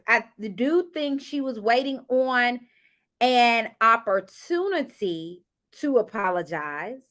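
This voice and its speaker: Woman w/ aave, higher voice, slow easy talk, chatty recap w/ lots of asides to viewers. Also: a bit bright. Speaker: reality show cast member recapping an episode. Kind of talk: casual recap chat.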